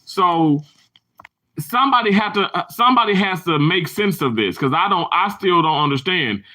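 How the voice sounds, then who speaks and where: Man, casual commentary to viewers, candid, animated, bright forceful tone, somewhat high. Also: normal speed.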